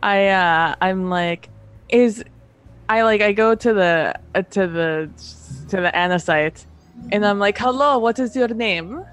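A woman playing a tabletop game, excitable and quick to laugh and swear. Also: mid-range voice, clean tone, faint music behind. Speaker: player. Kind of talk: casual tabletop play.

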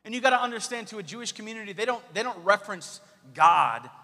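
A man preaching a sermon as pastor, lively and questioning the congregation. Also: high voice, quick pace. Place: church sanctuary. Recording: long church hall reverb.

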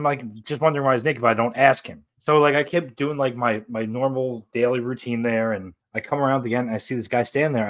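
Rambling man telling a dream story. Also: medium pitch. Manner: rambling storyteller, acts out voices in his tales. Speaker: podcast co-host. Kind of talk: casual chat.

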